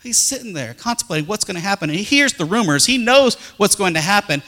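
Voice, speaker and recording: A middle-aged male pastor preaching a folksy, animated sermon full of personal stories. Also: sits high, fast talker, long reverb tail.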